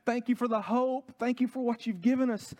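A man voicing a grateful farmer who prays excitedly to God, raised high in pitch. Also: brisk. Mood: overjoyed.

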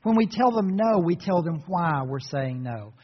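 A man preaching a sermon as a pastor, retelling a story in an earnest, storytelling manner and dropping to soft, reflective tones. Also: on the high side, animated, moderate pace, slightly rough. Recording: reverberant hall, dull muffled sound.

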